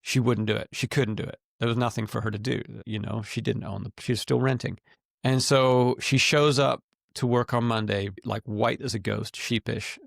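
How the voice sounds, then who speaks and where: A man's voice: mid-range voice, fairly even intonation, normal speed, vocal fry, dry recording, studio quality. A middle-aged man and podcast co-host, candidly retelling a business story with quoted dialogue in a casual chat.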